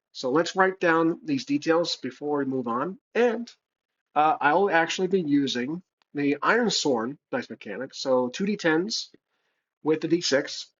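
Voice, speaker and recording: A man's voice: on the high side, muffled recording, slight background noise. A man playing a solo tabletop game, thinking aloud with fillers and self-corrections as he writes and rolls dice. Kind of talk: casual solo game narration. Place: home room with a cat.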